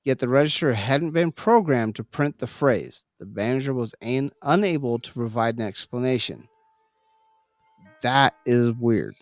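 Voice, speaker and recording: A man's voice: medium pitch, measured pace, no echo, soft background music. A man co-hosting a casual paranormal chat over drinks, reading notes aloud and laughing often. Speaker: podcast co-host.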